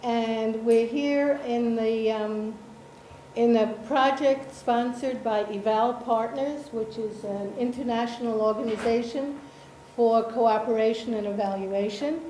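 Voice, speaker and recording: A woman from Israel presenting a workshop, explaining slowly with many pauses and ums and often checking in with her audience. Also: on the high side, dark tone, slight background noise. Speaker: workshop presenter, association chair. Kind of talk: slow explanatory workshop talk. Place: lecture room. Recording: echoey room with faint ambience.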